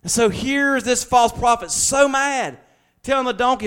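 High-voiced preacher. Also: male voice, unhurried, fairly bright tone, clear, resonant tone. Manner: fervent, rising into proclamation; reads scripture aloud. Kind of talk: sermon.

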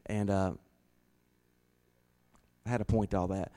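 A man preaching a sermon in a folksy storytelling way, slowing down to stress key words. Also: lowish voice, little pitch movement, warm tone. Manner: folksy, slows down for emphasis.

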